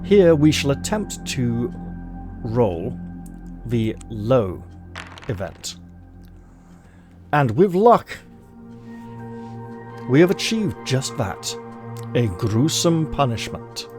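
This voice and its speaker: A man reads a solo adventure gamebook aloud at an unhurried pace, in a measured and dramatic way. He breaks off to talk through his choices, and clear music plays behind him throughout. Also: medium pitch, big pitch swings, a little mellow. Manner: measured, deliberate, dramatic reading. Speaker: gamebook player and narrator.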